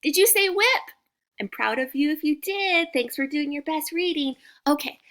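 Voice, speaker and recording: A young woman teacher with a high voice leads a small reading group through phonics. She speaks slowly, stretches each letter sound and praises the children warmly. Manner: slow, exaggerated sounding out of letters, encouraging.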